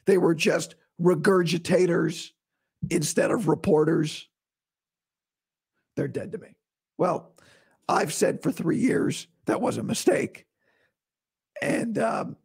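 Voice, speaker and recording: Hoarse, gravelly-voiced man hosting a podcast. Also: fairly high pitch, a little mellow. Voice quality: rough, breathy voice dropping into whispers. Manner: blunt, opinionated, talks straight to listeners. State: hoarse, recovering from vocal cord surgery. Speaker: sports podcast host. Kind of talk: casual solo podcast monologue.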